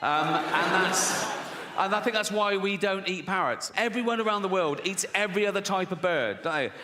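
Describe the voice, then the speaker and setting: A man's voice: high-pitched, normal speed, background noise. A man performing live stand-up comedy, swearing freely and often laughing at his own jokes. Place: large live venue with audience. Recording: loud audience in echoing venue.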